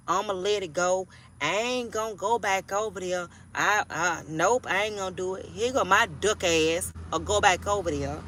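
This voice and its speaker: A woman's voice: mid-range voice, fairly bright tone, a little hiss or hum. Blunt, cussing woman in her forties. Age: 40s. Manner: blunt, profane, preachy, keeps asking "do you hear me?". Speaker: tarot reader. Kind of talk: casual tarot reading for a sign.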